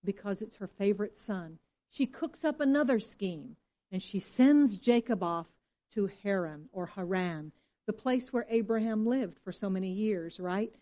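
Female pastor, mid-pitched, emphatic sermon voice full of rhetorical questions; slightly muffled lo-fi recording. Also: animated, unhurried, dark tone. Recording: dull lo-fi recording.

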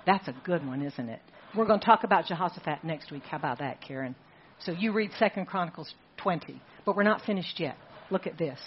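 A woman's voice: on the low side, highs cut off, a little hiss or hum. Emphatic woman pastor preaching. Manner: emphatic, rhetorical repetition with dramatic slowdowns. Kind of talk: sermon. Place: church sanctuary.

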